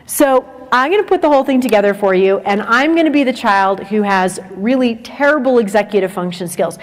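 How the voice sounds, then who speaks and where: A woman's voice: on the high side, brisk. A woman presenting at a teacher training day, speaking conversationally and acting out examples. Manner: lively, conversational, acts out examples. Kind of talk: lecture to teachers. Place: large lecture hall with a livestream. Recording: long reverb of a lecture hall.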